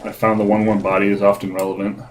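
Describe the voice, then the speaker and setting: A man giving relaxed, casual commentary over his card game play, with frequent ums and uhs and a self-deprecating tone. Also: lowish voice, fast talker, slight background noise, low-quality recording. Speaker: gaming video host.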